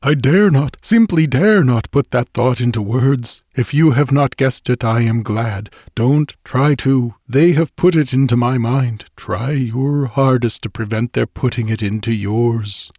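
A man playing a panicked traveler in a dark storybook tale. His husky voice climbs high and urgent with dread. He presses warnings in hushed, frantic bursts, recorded close and dry. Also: a little slow, few pauses, dry recording. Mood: alarmed. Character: frightened male adventurer, tense, whispering warnings.

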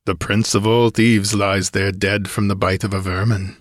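A man voicing a young, grim barbarian thief in an audiobook, muttering low and gruff. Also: flat delivery, normal speed, no room sound, clean studio sound, natural voice.

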